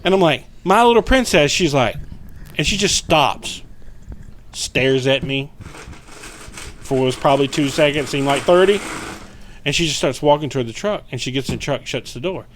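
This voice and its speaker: A middle-aged man telling a story in a casual podcast chat, animated and profane, acting out the voices of the people in it. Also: medium pitch, slight background noise. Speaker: podcast guest, paranormal investigator.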